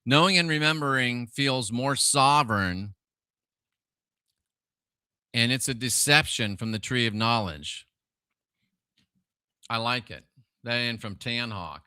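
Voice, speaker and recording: A middle-aged man hosting a live stream, his voice very bright and sharp. He keeps asking rhetorical questions and greets viewers by name. The sound is dry and close, with no room echo. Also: medium pitch, takes it slowly, pauses often, clear, resonant tone. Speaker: livestream host.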